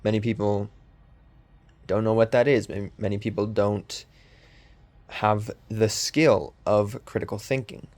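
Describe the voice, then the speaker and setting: A man's voice: lowish voice, steady tone, measured pace, pauses often, darkish tone. A young man hosting a podcast, rambling casually with lots of ums and restarts, in a voice that sounds sarcastic. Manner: meandering, with many ums and restarts. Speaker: podcast host.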